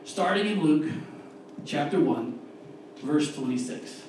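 A man delivers an earnest sermon with a slightly raised, mellow tone, slowing to press each key word. The sound comes from far across a very echoey church, with a faint hiss underneath. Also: a little high, lively intonation. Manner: earnest, emphatic, slows down to stress key words. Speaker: lay preacher. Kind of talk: sermon with scripture reading. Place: church sanctuary. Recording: distant, echoey church room recording.

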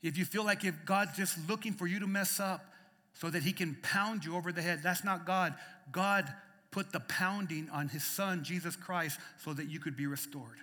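A male pastor with a high, bright, forceful voice delivers a passionate sermon. He climbs to loud emphatic peaks, then drops to quiet, intimate passages. His voice rings out with the long reverb of a church hall. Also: moderate pace. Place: church sanctuary.

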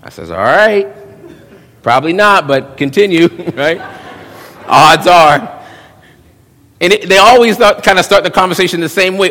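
Pastor preaching in a big echoey hall. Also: male voice, on the high side. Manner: animated preaching, swinging between hushed and loud; drops into quick voiced quotes of young men. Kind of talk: sermon. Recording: long reverb of a church hall.

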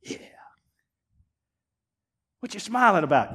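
A man preaches, his voice pitched high and swinging widely from booming emphasis to hushed asides. His delivery is folksy and emphatic. The sound carries the long reverb of a church hall. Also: big pitch swings, a little slow. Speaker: pastor. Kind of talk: sermon. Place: church sanctuary.

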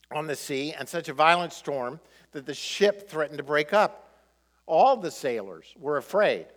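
A male pastor preaching a sermon, animated, throwing rhetorical questions at the congregation. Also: on the high side, long reverb tail.

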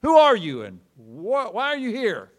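A man voicing a stern male soldier who shouts his questions in a sermon story. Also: very high voice, huge pitch swings, measured pace, pitched above the performer's own voice, full character voice. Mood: barking. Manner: shouting, demanding.

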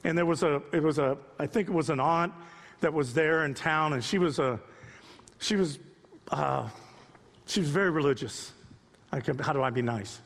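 A man in his sixties preaching a sermon off the cuff, moving from quiet storytelling to impassioned rising appeals. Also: on the high side, moderate pace, long pauses, long reverb tail. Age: 60s. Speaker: pastor.

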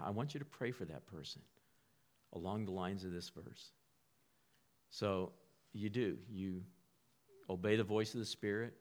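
A man preaching a sermon in a conversational way. He often repeats and restarts words and sometimes whispers a line to act out an inner voice. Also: on the low side. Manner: acts out inner voices, whispers a quiet prompt.

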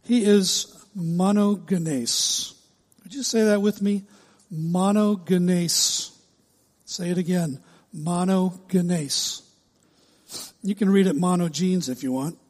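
A man preaches a sermon with measured emphasis, drawing out important words and stressing phrases. His voice sits a little high for a man and has a soft, breathy edge. It rings with the long reverb of a large hall. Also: expressive. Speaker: pastor.

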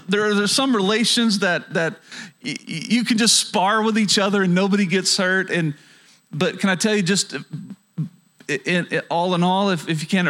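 A male pastor with a noticeably high voice delivers a sermon. He talks earnestly and often stumbles into restarts. He keeps turning to the audience with rhetorical questions. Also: bright, forceful tone. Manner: frequent stammered restarts.

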